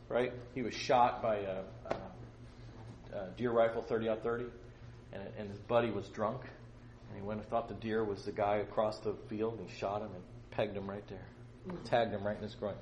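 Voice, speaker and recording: A middle-aged man teaching from the Bible to a small group, acting out quotes loudly and joking with his listeners. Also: fairly low pitch, dull audio, slight background noise. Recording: echoey room with faint ambience.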